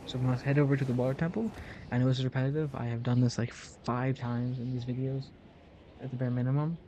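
A man's voice: mid-range voice, steady tone, fast talker, warm tone, slight background noise. A young man giving jokey, rambling commentary over a game he is playing. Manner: rambling, jokey, self-mocking. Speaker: gaming video host. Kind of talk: casual gameplay commentary.

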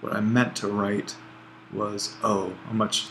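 A man teaching a grammar lesson over a screencast, relaxed and thinking aloud as he writes, often correcting himself. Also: lowish voice, slow pace, a little hiss or hum. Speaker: Greek language instructor.

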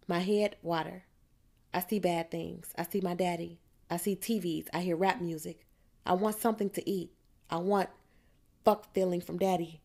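Female audiobook narrator, low voice, steady first-person dialect read. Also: moderate pace, gravelly. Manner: reads in a street-dialect teen voice, low and steady.

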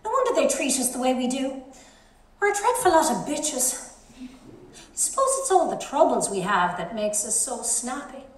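An actress playing a frank, earthy middle-aged wife musing aloud in bed, wry and chatty. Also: female voice, very animated, moderate pace. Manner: chatty, wry, swinging pitch. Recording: very echoey hall.

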